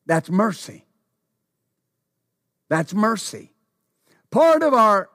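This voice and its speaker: A man preaching a sermon who repeats his phrases, asks the congregation questions and calls out hallelujah, stumbling over words when excited. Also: high voice, no room sound, studio quality.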